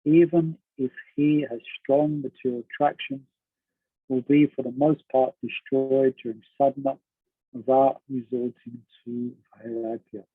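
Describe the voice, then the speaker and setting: A man's voice: mid-range voice, slightly rough, dry recording. A man teaching a class on a devotional text in a conversational way, asking his students questions and laughing often. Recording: dry, narrow phone-like sound.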